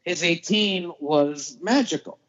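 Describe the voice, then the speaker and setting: A man's voice: on the high side, slow, fairly bright tone. A man from the Boston area, a podcast guest in casual sports chat, rambling and easygoing with restarts. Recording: dull lo-fi audio.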